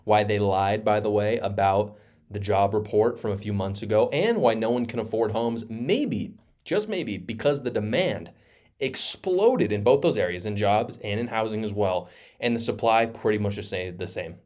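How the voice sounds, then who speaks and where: A male host delivering opinion commentary with sarcasm and emphasis. His voice sits fairly low and he hammers his points home. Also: animated, normal speed, darkish tone. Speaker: political commentator.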